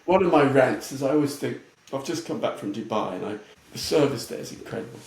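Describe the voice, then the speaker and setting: In a casual podcast conversation, a British retail futurist talks animatedly, slipping into quick impressions of other people's voices as asides. His voice sits at a medium pitch, and the room sounds echoey.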